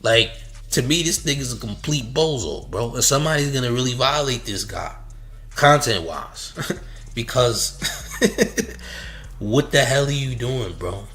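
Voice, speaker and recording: A man's voice: mid-range voice, lively intonation, measured pace, a bit bright. A man hosting a reaction commentary, mocking and slangy, laughing often between remarks. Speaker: commentary host.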